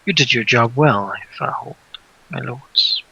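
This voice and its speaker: A man plays an aloof woman commander in a tabletop session, formal and unhurried in speech. Her tone is strikingly bright and forceful. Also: mid-range voice, creaky, husky, exaggerated voice, low-quality recording. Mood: cool, formal. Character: composed woman leader, aloof and terse.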